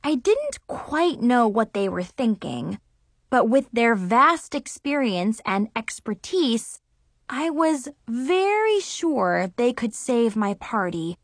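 A woman narrating a first-person children's story with expressive, dramatic exclamations. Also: a little high, slow pace, no room sound, studio quality. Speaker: audiobook narrator.

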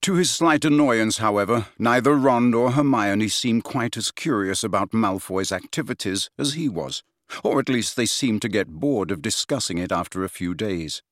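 Brief: male audiobook narrator, animated and varied, dry studio read. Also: fairly low pitch, moderate pace, dry recording. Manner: expressive reading, many character voices. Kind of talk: scripted narration.

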